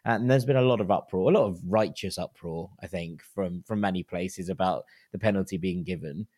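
A man hosting a football podcast, chatting in a relaxed, thoughtful way with hedging asides. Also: sits low, brisk, no echo, studio quality. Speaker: podcast host. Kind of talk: casual football chat. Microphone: studio mic at night, speaking quietly.

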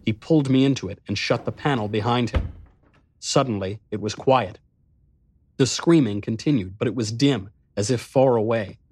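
Man narrating a dark tale, dry studio sound. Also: medium pitch, moderate pace, husky, dry recording. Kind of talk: first-person dramatic narration.

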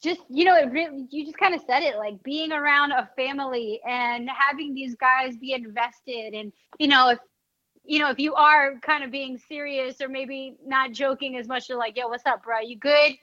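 A woman's voice: sits high, fairly even intonation, moderate pace, pushed and bright, no echo. A young woman with a Bronx New York accent, chatting casually in an interview, full of fillers like "like" and "you know". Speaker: NFL team reporter and podcast host. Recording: dull, dry, slightly lo-fi sound.

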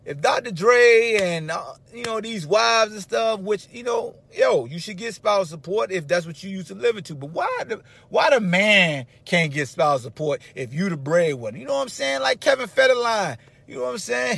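Loud, animated man hosting a podcast. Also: high-pitched, moderate pace, creaky, hardly any pauses. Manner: loud, animated, slangy and profane, shouting for emphasis. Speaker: podcast host. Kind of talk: casual sports talk monologue.

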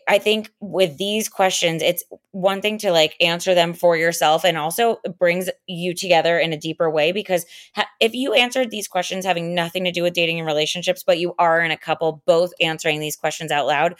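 Woman co-host, low register, earnest and explanatory, casual podcast chat. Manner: earnest, long explanatory turns.

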